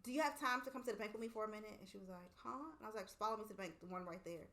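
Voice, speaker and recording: With a medium-pitched voice at a very fast clip, the podcast co-host spins an animated yarn. She curses liberally and acts out what people said, keeping the chat casual.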